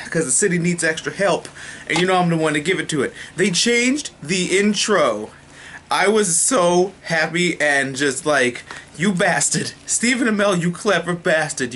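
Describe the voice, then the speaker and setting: A man reviewing a TV episode in a casual, excitable way, swearing freely and restarting sentences. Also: on the high side, a little hiss or hum.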